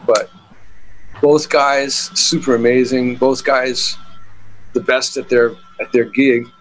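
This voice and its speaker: With a flat delivery and slow pace, a middle-aged guitarist recounts stories in a casual interview, rambling with frequent fillers and restarts. His voice is mid-range, and the audio is poor.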